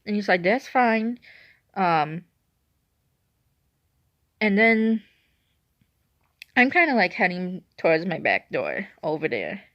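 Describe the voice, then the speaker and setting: A woman's voice: on the low side, very animated, slow, long pauses, no room sound. A woman in her twenties telling a story in a casual, rambling way and often correcting herself. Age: 20s. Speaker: vlogger. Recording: dry, dull lo-fi recording.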